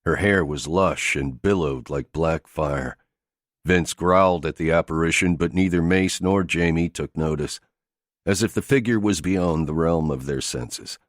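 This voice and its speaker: A man reads an action thriller audiobook in a steady, gritty delivery. His voice sits very deep, and the recording is close and dry with no room echo. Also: measured pace. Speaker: audiobook narrator. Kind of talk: scripted narration of an action thriller.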